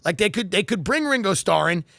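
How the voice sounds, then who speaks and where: A man's voice: high-pitched, animated, brisk, creaky, a bit bright, dry recording, clean studio sound. A man hosting a podcast, reading news aloud and riffing on it with sarcastic, mock-earnest comedy. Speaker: podcast host.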